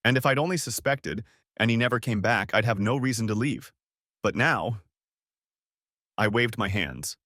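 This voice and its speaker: A man's voice: mid-range voice, expressive, normal speed, pauses often, a bit bright, no echo, studio quality. A man narrating a first-person audiobook story in a brooding, emotional way.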